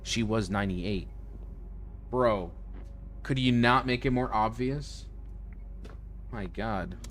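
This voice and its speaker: A man's voice: fairly low pitch, slow, soft background music. A man streaming a horror game, reading its lines aloud with joking asides. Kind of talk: casual let's-play commentary.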